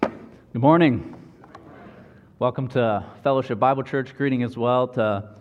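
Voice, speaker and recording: A man's voice: medium pitch, measured pace. Man welcoming a church congregation. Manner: casual, with fillers and restarts. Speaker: pastor. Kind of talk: church welcome and sermon opening. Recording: reverberant church room, muffled sound.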